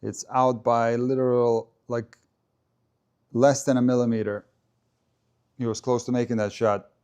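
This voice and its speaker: A man at a mid-range pitch keeps up easy, unscripted live-stream chatter about a tennis match. He reads comments from his viewers and answers them in a relaxed, conversational tone. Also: measured pace, smooth. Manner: chatty, stops to answer viewer comments and try out name pronunciations. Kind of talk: casual live-stream commentary and chat reading.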